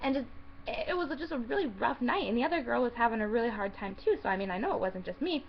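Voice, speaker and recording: A young woman vlogger tells a work story in a casual, exasperated way, swearing and acting out the lines of the people involved. Her voice sits a bit high. The audio is slightly dull and lo-fi, with a faint hiss underneath. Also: lively intonation, fast, creaky.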